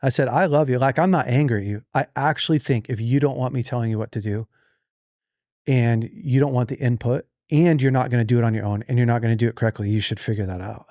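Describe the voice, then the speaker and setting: A man's voice: mid-range voice, fast, no echo, clean studio sound. A man in his forties, host of a podcast, telling a long family story in casual chat and acting out the people he quotes. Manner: animated, acts out quoted voices.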